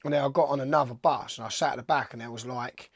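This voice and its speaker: Dry-voiced skater, swears freely. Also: male voice, medium pitch, steady tone, fast, no echo. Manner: swears freely, rambling anecdotes. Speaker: professional skateboarder. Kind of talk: casual storytelling interview.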